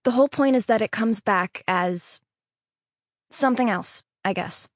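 Weary mother, clipped and flat, read by a woman audiobook narrator. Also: a little high, a little slow, no room sound, clean studio sound, voice pushed down. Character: tired impatient working mother.

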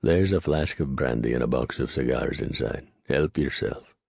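A man voicing a blunt, gruff Cockney cab driver in an audiobook reading. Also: a bass voice, normal speed, a little mellow, dry recording, clean studio sound, heavily acted.

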